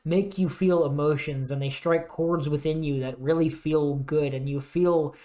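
A young man co-hosting a podcast, chatting casually and animatedly retelling scenes with quick put-on voices. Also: on the high side, steady tone, dark tone. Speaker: podcast co-host. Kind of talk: casual chat.

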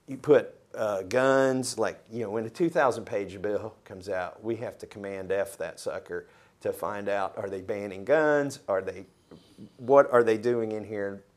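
A man from Kentucky, a guest on an interview podcast, talking in a dry, wry way with plenty of halting fillers. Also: fairly low pitch. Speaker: guest, congressman. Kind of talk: casual interview chat.

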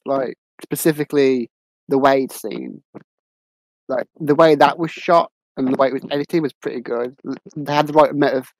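A man's voice: a little high, no room sound, poor audio. A man co-hosting a film podcast, giving blunt opinions with frequent fillers and restarts. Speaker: podcast co-host. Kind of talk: casual film review chat. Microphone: podcast mic.

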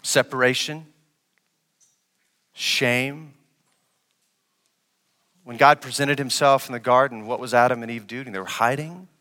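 A man preaching a sermon as pastor, asking the congregation questions and repeating phrases for emphasis, swinging from loud, raised lines to quiet, low ones. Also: steady tone, fairly quick, few pauses, big-room sound. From West Africa.

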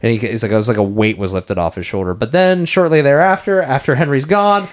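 A man with a medium-pitched voice talks fairly quickly as a podcast co-host, casually recapping a film. His recap rambles, and he acts out lines quoted from the movie.

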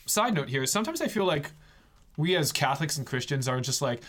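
A man hosts a relaxed faith podcast and chats casually with a guest. His voice sits in a middle pitch. He jokes a lot and drops quick asides between his points. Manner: jokey and laughing, quick asides. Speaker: podcast host.

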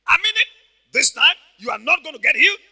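A man voicing a taunting, boastful male devil who insists in a loud voice, in a reverberant church hall. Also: extremely high pitch, very animated, fast, voice pushed up, full character voice.

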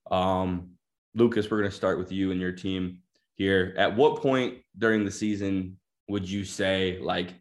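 A man's voice: sits low, moderate pace. A young man hosting a casual sports podcast, laid-back and hesitant, steering the talk with questions. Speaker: podcast host.

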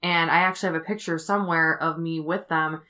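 A woman hosting a podcast, telling a story in a casual, rambling way with many fillers as she thinks out loud. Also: low voice, fairly even intonation, fairly quick. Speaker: podcast host.

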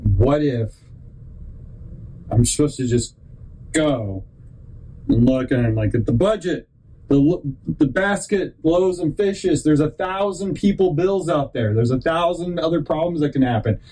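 A man's voice: a little high, poor audio. A man hosting a podcast, giving a rambling faith-based motivational talk, often stopping and restarting mid-thought and telling stories with animation. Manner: rambling, halting, self-interrupting; animated storyteller. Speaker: podcast host.

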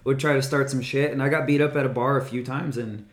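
A boisterous man who talks loud, a podcast guest telling stories in casual chat. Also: medium pitch, fairly even intonation, fast talker, roomy sound. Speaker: podcast guest, cage fighter.

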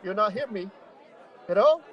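A man's voice: high-pitched, lively intonation, brisk, dull audio, some chatter behind. A man voicing an insistent, curt call center agent who repeats his demands in choppy, broken phrases.

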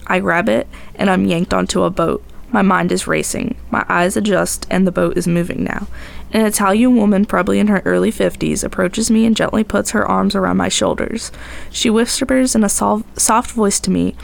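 A woman's voice: mid-range voice, gravelly, no echo. A woman podcast host narrating a tense first-person tale in a dramatic storytelling manner.

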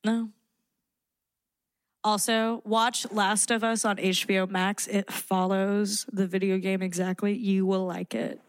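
A woman's voice: mid-range voice, level tone, slow, no room sound, studio quality. A young woman co-hosting a podcast, telling stories frankly and laughing often in casual chat. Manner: candid storytelling, laughs often. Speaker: podcast co-host.

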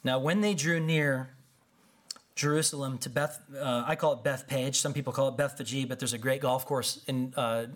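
A pastor preaching a casual, conversational sermon, acting out quick quotes and asides. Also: male voice, mid-range voice, steady tone, a bit bright.

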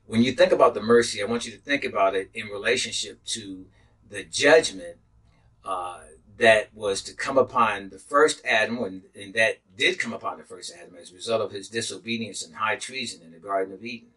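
Teaching on healing from the Bible, a preacher reads verses, repeats key phrases, and keeps dropping in "praise God" and "glory to God." His voice is on the low side, brisk, sharp, and slightly rough. He's far from the mic in a low-quality recording.

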